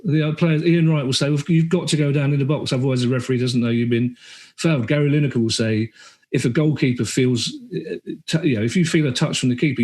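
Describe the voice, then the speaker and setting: A middle-aged man chats as a podcast guest. He is animated and tells stories with quick asides. He often acts out the voices of the people he quotes. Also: mid-range voice. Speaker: podcast guest, comedian and author. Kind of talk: casual chat.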